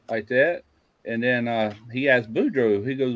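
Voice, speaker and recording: A man casually telling folksy jokes, lifting his voice for the characters. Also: moderate pace. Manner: tells folksy Cajun jokes, doing character voices higher. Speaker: joke teller.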